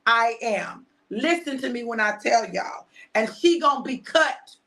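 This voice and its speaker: A woman in her fifties hosting a live stream, giving a casual motivational talk to her viewers. She speaks with heavy repetition and emphasis, preaching at times and dropping into hushed asides. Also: fairly high pitch, lively intonation, unhurried. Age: 50s.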